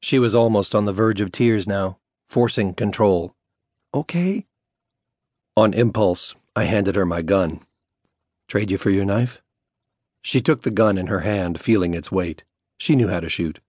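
A man reads a first-person story aloud as an audiobook narrator, keeping his delivery measured and hushed. His voice sits very low, and the close studio recording is dry, with no room sound. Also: dry recording.

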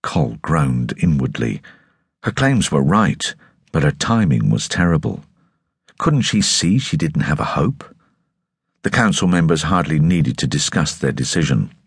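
A man narrating an audiobook in a measured, expressive storytelling manner, recorded on a studio microphone. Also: rumbling low, breathy edge, no room sound. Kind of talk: scripted narration.

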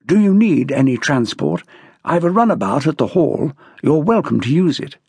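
A man's voice: fairly high pitch, very animated, moderate pace, a little mellow, breathy edge, no echo, exaggerated voice. A man voicing an older aristocratic landowner, polite, well-spoken and eager to help.

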